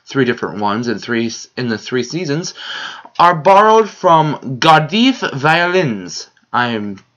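A man's voice: medium pitch, big pitch swings, measured pace, a bit bright, lo-fi sound. A man co-hosting a casual chat show in a put-on British accent, bantering playfully. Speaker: co-host.

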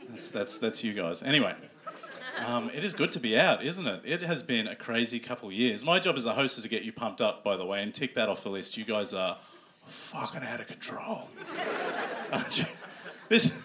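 A man hosting a stand-up comedy show, animated and swearing as he acts out characters. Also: mid-range voice, moderate pace. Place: comedy club stage before a live audience. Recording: live room with audience noise.

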